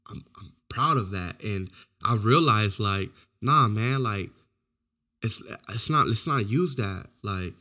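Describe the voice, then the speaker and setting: A man with a bright, forceful voice chats loosely on a podcast. He tells his stories with animation and curses freely. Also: lowish voice, takes it slowly. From Orange County, California. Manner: animated storytelling, swears freely. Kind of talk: casual chat.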